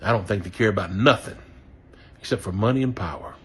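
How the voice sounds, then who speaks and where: Southern guy ranting mad, swears a lot, kinda husky voice. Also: on the low side, brisk, fairly bright tone. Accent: Southern American. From Southern United States. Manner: cursing heatedly, folksy, apologizing for language. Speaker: voter sharing his view. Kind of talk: angry personal rant.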